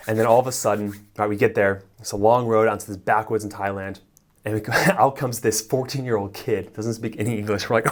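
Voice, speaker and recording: A man's voice: fairly low pitch, moderate pace. A man coaching on relationships, telling stories casually and animatedly, often adding "like" and "right?" and chuckling as he talks. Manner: animated storyteller, frequent "like" and "right?", chuckles while talking. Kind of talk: casual advice monologue to the camera.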